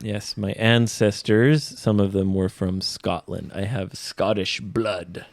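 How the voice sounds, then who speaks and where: A man co-hosting an English-learning podcast, talking casually, slowly and clearly, explaining phrases as he goes. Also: lowish voice, steady tone, no echo. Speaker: podcast co-host and English teacher.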